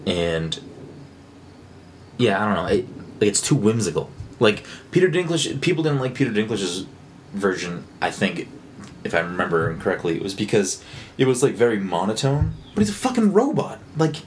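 Male podcast co-host, very low voice, rambling and excitable, faint background hiss. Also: normal speed. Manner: rambling, excitable, many fillers and restarts. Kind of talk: casual chat.

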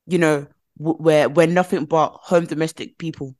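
A woman's voice: low voice, normal speed. A British woman chatting casually on a podcast, telling stories animatedly and acting out what others said. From Britain. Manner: animated storytelling with quoted voices. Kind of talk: casual chat.

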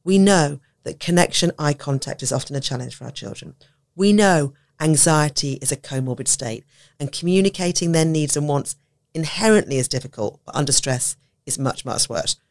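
A woman talking on a podcast about teaching, animated, often acting out quoted voices and laughing. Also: deep voice, moderate pace. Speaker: podcast guest, autism educator. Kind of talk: conversational podcast talk.

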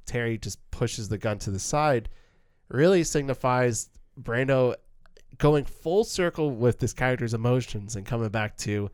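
A man talks through a film scene with a friend, smooth and resonant in tone, his voice dry and close with no room around it. He is animated, trips over his own words and restarts, and now and then acts out a line. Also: medium pitch, unhurried, no room sound. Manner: animated, stumbles and restarts, acts out quoted lines. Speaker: podcast co-host discussing a film. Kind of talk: casual film analysis chat.

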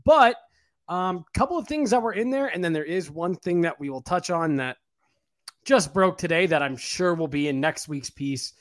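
A man's voice: a little high, animated, moderate pace. Rambling man talking with a numb mouth. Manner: rambling, many fillers and restarts, casual swearing. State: mouth numb from dental work. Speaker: podcast co-host and writer. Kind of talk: casual sports podcast chat.

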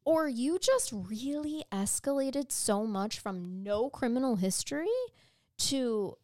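A woman's voice: on the high side, expressive, takes it slowly, a little mellow, no echo. True crime podcast lady, chatty and sarcastic, dry close sound. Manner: chatty storyteller, sarcastic asides. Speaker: podcast co-host.

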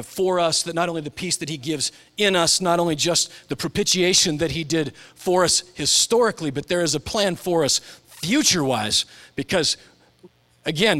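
Casting: male pastor, forties, lively sermon delivery with big swings from hushed to loud high voices. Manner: animated, swings from soft and low to loud high-pitched impressions. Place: church.

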